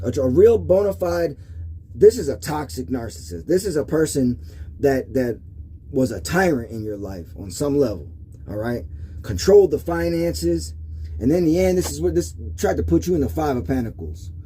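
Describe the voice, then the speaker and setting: A man's voice: a little high, warm tone, a little hiss or hum. A middle-aged man giving a casual tarot reading monologue, emotional and confiding, often checking in with "okay?". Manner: emotional, confiding, repetitive with frequent "okay?" asides. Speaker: tarot reader.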